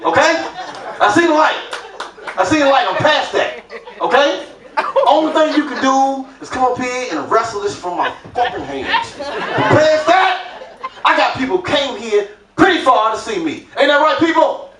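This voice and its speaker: A man performing a stand-up comedy set, telling a story loudly and acting out the voices of its characters. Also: very high-pitched, animated, moderate pace, very noisy. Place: comedy club stage. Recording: roomy club sound from a distant mic with crowd laughter.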